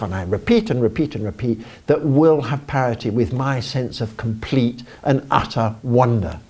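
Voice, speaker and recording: An older English man speaking at a conference, animated and self-deprecating, rambling with restarts. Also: mid-range voice, normal speed, hardly any pauses, breathy edge. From England. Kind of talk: live talk to an audience. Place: conference auditorium.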